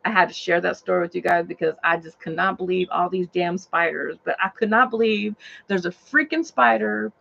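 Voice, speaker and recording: Excitable woman with a gravelly voice. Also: fairly low pitch, a little fast. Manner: excitable, says "like" and "oh my God" a lot. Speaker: rideshare driver vlogger. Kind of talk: animated storytelling to camera. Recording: dull lo-fi sound.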